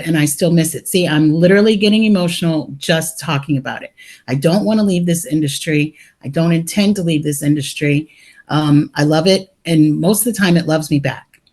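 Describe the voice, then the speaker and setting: A woman's voice: deep voice, a little mellow. Candid, talkative middle-aged woman on a call. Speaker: laid-off operations worker sharing in a support group. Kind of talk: casual group video call. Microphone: video call.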